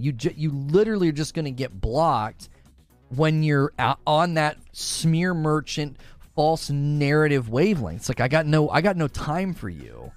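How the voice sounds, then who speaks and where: A man's voice: on the high side, no echo. A man hosting a casual gaming livestream, talking through examples and acting out imagined quotes.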